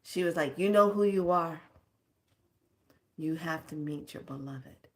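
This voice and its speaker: A woman slowly telling a personal story, acting out the dialogue as she goes. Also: sits low. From California. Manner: slow, reflective, acts out quoted dialogue. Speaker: storyteller sharing a personal lesson.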